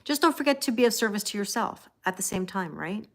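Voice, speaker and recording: A woman's voice: mid-range voice, animated, quick pace. A woman from Canada with a Canadian accent, hosting a live tarot stream in casual chat, reading out viewer comments and talking straight to her viewers in a chatty, reassuring way. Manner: chatty and reassuring, talks straight to viewers with frequent "you know?". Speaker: tarot reader hosting a livestream.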